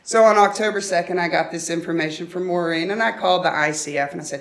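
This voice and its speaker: A woman's voice: on the low side, quick pace, few pauses. A woman giving a conference presentation, telling a story in a humorous, anecdotal way. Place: conference room.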